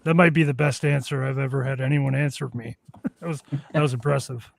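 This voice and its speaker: A man's voice: medium pitch, fairly even intonation, a little fast, gravelly. A man hosting a podcast, giving brief reactions to his guest and closing with thanks. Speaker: podcast host. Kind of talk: podcast interview.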